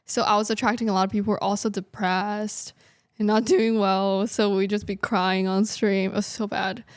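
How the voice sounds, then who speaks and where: A woman's voice: mid-range voice, flat delivery, moderate pace, clear, resonant tone, no echo, studio quality. A woman in her twenties, a guest in a casual interview, talking in a chatty way with lots of laughs and fillers. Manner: chatty, laughing, frequent likes. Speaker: guest, artist and streamer.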